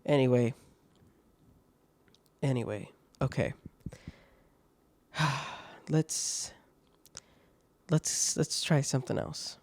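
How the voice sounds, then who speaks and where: A man's voice: mid-range voice, extremely slow, pauses often, darkish tone, no echo. A man hosting a podcast, reading online stories aloud with laughing, swearing, mocking asides. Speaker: podcast host.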